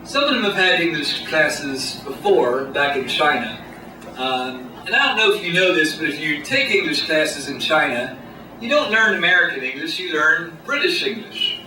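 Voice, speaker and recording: A man doing a stand-up comedy set on a small club stage, with a deadpan, halting delivery full of pauses. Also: fairly high pitch. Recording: echoey room, distant mic, noisy. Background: audience laughter.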